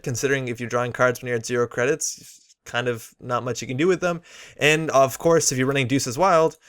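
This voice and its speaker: A man's voice: medium pitch, fairly bright tone. A man giving casual, opinionated commentary while unboxing and reviewing game cards, with frequent fillers. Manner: chatty, opinionated, many fillers.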